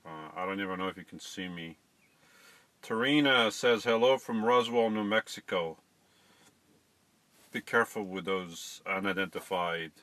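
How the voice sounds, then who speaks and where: A man's voice: low-pitched, moderate pace, long pauses, fairly bright tone, no room sound. A middle-aged man hosting a casual live stream, chatting to viewers and fumbling with settings.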